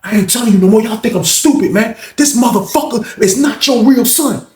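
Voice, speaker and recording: A man doing a shrill ranting old inmate. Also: expressive, moderate pace, creaky, recorded from a distance, heavily acted. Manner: high, shouting, repeats himself. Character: agitated older male inmate, paranoid and cussing. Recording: roomy echo.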